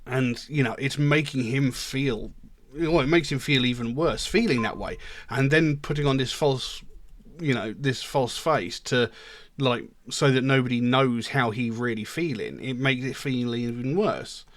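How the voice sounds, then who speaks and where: A man's voice: mid-range voice, a little slow, no echo. A man giving casual spoken commentary on a song, earnest and emphatic, rambling at times and swearing bluntly. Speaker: music reaction video host.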